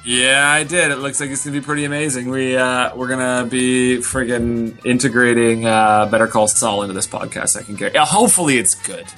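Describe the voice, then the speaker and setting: Young male podcast co-host, bright voice, playful joker. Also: mid-range voice, steady tone, faint music behind. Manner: joking, playful, quick with impressions. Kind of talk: casual sports podcast banter.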